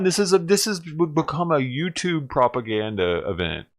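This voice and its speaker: A man's voice: fairly high pitch, sing-song, normal speed, hardly any pauses. A man doing a sarcastic, profane rant as a livestreamer, mocking and riled up. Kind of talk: ranting livestream commentary.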